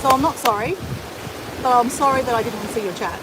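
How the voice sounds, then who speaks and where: A woman with an Australian accent and a fairly high, fairly quick voice chats casually with her live-stream viewers while walking along a beach at high tide. She's a vlogger, and the noisy outdoor phone audio picks up wind and surf behind her.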